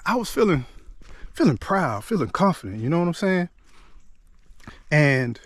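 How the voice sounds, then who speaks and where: A man's voice: medium pitch, no room sound. A middle-aged man telling a personal story to the camera, chatty and loose, often dropping in "man" and restarting his words as he remembers. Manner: conversational, drops in "man" and "you know what I'm saying" often; repeats and restarts words as he recalls. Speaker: motivational vlogger.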